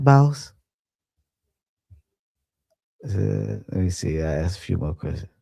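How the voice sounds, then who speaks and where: Young guy on a late night livestream, real low gravelly voice, super dark tone, rambly and chill. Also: no room sound, studio quality. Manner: laid-back, rambling, laughs often. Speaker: livestream host. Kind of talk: casual livestream chat, reading comments.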